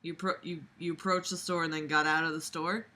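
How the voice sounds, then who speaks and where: Snarky woman reader, piercingly bright tone, cuts in with crude asides. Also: low voice, little pitch movement, a little fast. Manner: sarcastic, profane, many fillers. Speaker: reader of a fan story. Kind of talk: dramatic reading with mocking commentary.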